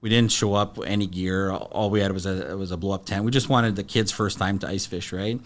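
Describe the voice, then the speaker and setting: A middle-aged man, a podcast guest, telling stories in a halting, plain-spoken way full of fillers and restarts. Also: low-pitched, steady tone. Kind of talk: casual storytelling.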